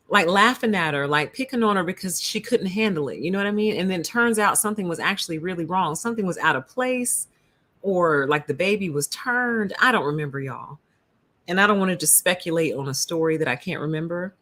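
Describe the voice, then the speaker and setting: A woman's voice: on the low side, a bit bright. Emphatic woman talking to her viewers. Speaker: host. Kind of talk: casual commentary to a live audience.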